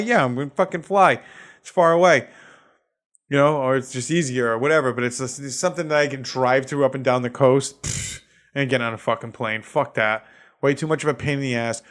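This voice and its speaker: A man's voice: mid-range voice, fairly bright tone. A man with a Boston accent, a comedian hosting his own podcast, ranting casually and swearing a lot while laughing at his own jokes. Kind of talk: solo comedic podcast rant.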